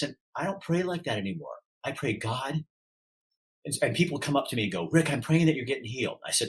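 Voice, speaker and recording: A middle-aged man speaking as a podcast guest, talking candidly and animatedly, acting out quoted voices with wide swings in pitch. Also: big pitch swings, brisk, low-quality recording. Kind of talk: candid interview talk.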